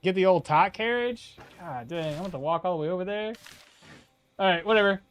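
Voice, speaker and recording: This is casual live-stream commentary from a man playing a game, his voice high, smooth, and fairly quick. He talks to his viewers in an exasperated way, laughing as he goes.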